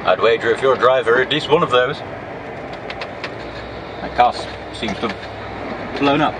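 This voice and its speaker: A man's voice: fairly low pitch, normal speed, pauses often. A man, a truck driver, talking casually to camera in a vlog with dry, self-mocking humor, outdoors by his truck. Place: outdoors beside a truck at night. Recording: noisy outdoor camera audio. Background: vehicle and traffic noise.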